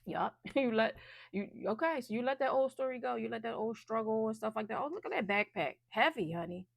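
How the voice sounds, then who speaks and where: A woman's voice: fairly high pitch, lively intonation, a little fast, gravelly, no echo, clean studio sound. A woman giving a casual, chatty intuitive card reading, loose and full of fillers. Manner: chatty, loose, many fillers and restarts, laughs often.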